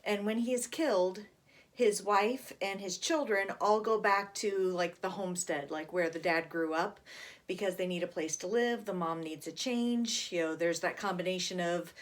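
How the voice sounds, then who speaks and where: A book reviewer chats casually about a favorite horror graphic novel, filling her talk with plenty of fillers and reading passages aloud. Her voice is lowish and her speed normal.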